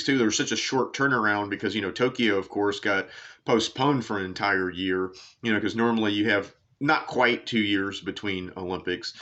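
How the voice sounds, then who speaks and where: A man's voice: lowish voice, a bit bright. A man hosting a sports show, rambling through a casual monologue with lots of fillers, tangents and casual swearing. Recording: dull lo-fi sound.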